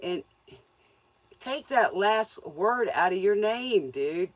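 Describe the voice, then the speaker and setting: Woman host for a casual livestream: folksy, teasing, quick to laugh, medium pitch, dry recording. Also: lively intonation, dry recording. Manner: folksy, joking, laughs often; scolds viewers playfully. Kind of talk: casual livestream chat with viewers.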